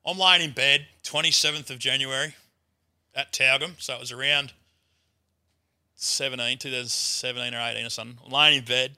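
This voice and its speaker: A man's voice: mid-range voice, brisk. Swearing Australian man spinning a pub yarn. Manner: loud, animated, acts out voices in anecdotes. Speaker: guest comedian. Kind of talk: casual storytelling with swearing.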